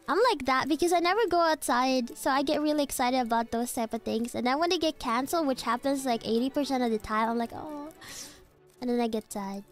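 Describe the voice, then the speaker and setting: A young-sounding woman with a high voice chats casually while streaming a game. She rambles playfully, jumping from topic to topic with frustrated outbursts. Faint game music plays underneath. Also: a little fast. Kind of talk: casual gaming livestream chat.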